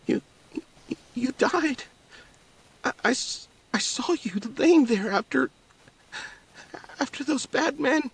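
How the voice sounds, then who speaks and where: Brief: tearful young girl, very high and shaky, put on by a male game master. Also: expressive, takes it slowly, gravelly, long pauses, fairly bright tone, husky, exaggerated voice. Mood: disbelieving.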